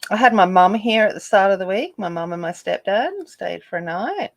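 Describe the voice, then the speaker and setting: A woman's voice: medium pitch, expressive, normal speed, vocal fry. An Australian woman chatting casually with viewers while she colors, in a rambling, chatty way. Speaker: coloring livestream host.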